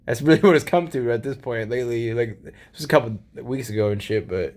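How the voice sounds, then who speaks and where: A man's voice: medium pitch, fast, a little mellow. A man giving a casual late-night monologue, rambling and profane with laid-back slang, often laughing as he talks. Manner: laughs often while talking. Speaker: solo vlogger.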